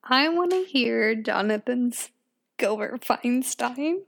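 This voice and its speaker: A woman's voice: fairly high pitch, animated, slow, gravelly. A woman playing in a casual tabletop game, chatty and meandering with her questions. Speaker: player.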